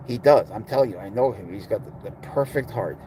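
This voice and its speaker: A man's voice: lowish voice, fairly quick, dark tone, a little hiss or hum. A man chatting casually in a blunt, sarcastic way, answering viewers' comments on a livestream. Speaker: pet owner streaming to viewers.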